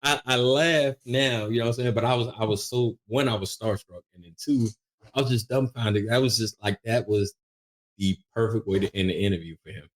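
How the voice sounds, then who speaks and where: A middle-aged man, a veteran and media producer, telling a lively story as a podcast guest, often restarting his sentences as he goes. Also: on the low side, a little fast. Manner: animated, lively anecdote telling with frequent restarts. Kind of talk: casual storytelling in an interview.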